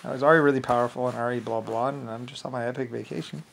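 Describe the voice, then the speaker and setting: A man talking alone in a loose, rambling rant at an ordinary middle pitch. He swears freely and waves things off with filler, one thought spilling into the next. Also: steady tone, rapid-fire, vocal fry, a bit bright, a little hiss or hum. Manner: profane, dismissive rant with frequent filler. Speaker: channel host. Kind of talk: rambling solo monologue.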